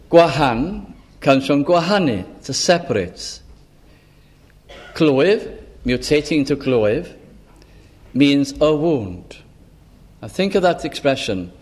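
Man, preacher, sermon, slow and deliberate, slightly high voice, repeats phrases.

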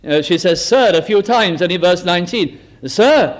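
Preacher guy, fairly high voice, reads old bible verses, gets quiet and low when it's emotional. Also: lively intonation, moderate pace, few pauses. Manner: quotes scripture in old English, voice drops low and soft for emotional asides. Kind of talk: sermon.

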